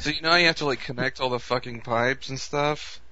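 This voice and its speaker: A young man co-hosting a casual podcast, telling stories with animated, profane energy. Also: mid-range voice, fairly quick, no room sound. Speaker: podcast co-host. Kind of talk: casual chat. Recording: dull lo-fi podcast recording.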